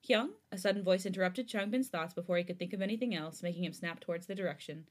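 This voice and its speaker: A woman's voice: lowish voice, fast talker. A woman podcast host narrating fan fiction aloud in an earnest storytelling manner.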